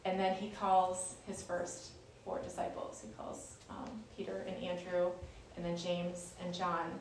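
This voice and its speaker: A woman's voice: lowish voice, monotone, unhurried. A woman teaching scripture in an easy, conversational manner, circling back and restarting her sentences as she explains. Her voice carries a strong echo, as if from a hard-walled room, and she sits some distance from the mic with a faint hiss underneath. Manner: chatty and explanatory, with fillers and restarts. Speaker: Bible study leader.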